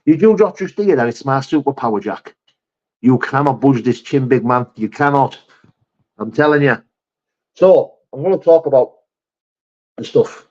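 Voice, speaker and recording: A man's voice: medium pitch, animated, normal speed, pauses often, a little mellow, lo-fi sound. A middle-aged man, chatting on a livestream and answering viewer comments bluntly, calling everyone mate and brother. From England. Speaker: livestream host reading chat. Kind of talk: casual live chat.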